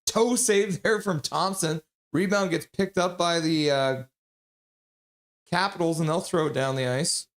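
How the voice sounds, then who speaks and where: A man streaming live play-by-play commentary, joking with viewers between calls and getting loud and excited on big plays. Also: on the high side, a little slow. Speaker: streamer calling the game live.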